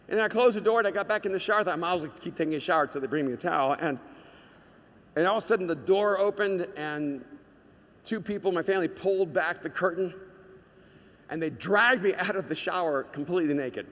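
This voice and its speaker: A male preacher with a high, bright voice tells a story from the pulpit with animated energy, leaning into the big moments. A long reverb from a large hall trails behind every phrase. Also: quick pace. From United States. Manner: storytelling, animated, shouts quoted lines. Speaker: pastor. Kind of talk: sermon.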